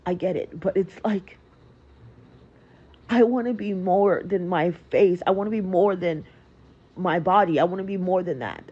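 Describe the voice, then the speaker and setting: A woman's voice: fairly low pitch, moderate pace, long pauses, warm tone, slightly rough. A young woman talking earnestly and emotionally straight to her followers, often repeating herself. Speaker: social media creator. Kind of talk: emotional confessional clip. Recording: dull lo-fi clip.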